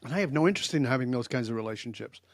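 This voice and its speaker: A man's voice: mid-range voice, rapid-fire, dry recording, studio quality. An older man telling stories in a direct, emphatic way as a guest in a podcast interview. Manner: direct, emphatic, animated storyteller. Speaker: guest expert.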